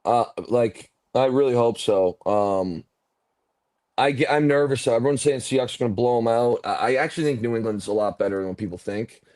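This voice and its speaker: A man's voice: mid-range voice, moderate pace, darkish tone, no echo. A man hosting a podcast, telling rambling stories in casual chat, swearing and laughing often. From Ontario, Canada. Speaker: podcast host, former football player.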